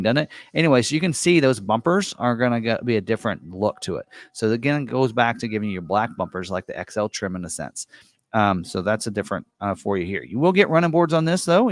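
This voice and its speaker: A man's voice: medium pitch, no echo, studio quality. A man casually walking through vehicle options on a screen, talking loosely with many fillers and self-corrections. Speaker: truck ordering guide presenter. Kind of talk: casual walkthrough of an online configurator.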